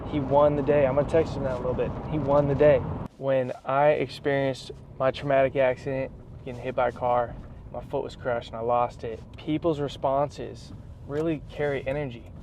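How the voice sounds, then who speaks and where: A man vlogging in a casual, animated storytelling way, full of slang like bro and dude. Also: medium pitch, noisy background. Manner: excited, animated retelling. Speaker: vlogger, athlete.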